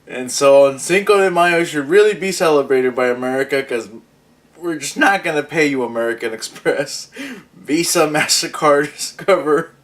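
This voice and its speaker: A man's voice: on the high side, moderate pace, a bit bright. A young man from Mexico hosting a casual morning vlog, joking and laughing as he talks. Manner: joking, laughs through his lines. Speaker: vlog host.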